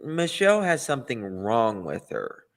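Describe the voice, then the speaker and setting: A man co-hosting a casual commentary chat, giving earnest and opinionated remarks in a measured way. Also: medium pitch, sing-song. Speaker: co-host.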